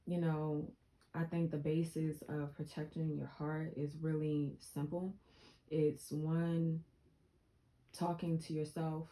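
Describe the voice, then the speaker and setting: Low and mellow, a young vlogger's voice carries an earnest motivational message to her viewers, with lines repeated for emphasis. The audio quality is poor.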